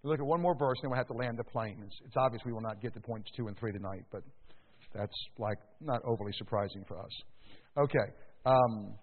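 A male pastor preaching a sermon, with sudden loud rises and slow stressed words. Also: mid-range voice. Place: church sanctuary. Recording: echoey hall, tinny phone-like sound.

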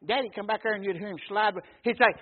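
A preacher with a notably high, husky voice delivers a folksy sermon. He spins homespun stories and keeps checking in with the congregation. The recording sounds muffled and narrow, like a phone line. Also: fast. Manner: folksy storytelling preacher, calls out "Amen?". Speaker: pastor.

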